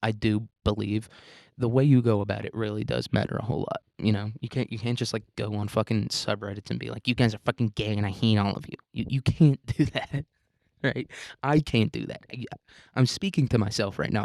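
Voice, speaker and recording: A man's voice: lowish voice, steady tone, normal speed, creaky, a little mellow, no echo, clean studio sound. A man hosting a solo podcast, talking casually in a rambling, profane, self-mocking way and laughing often. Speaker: podcast host.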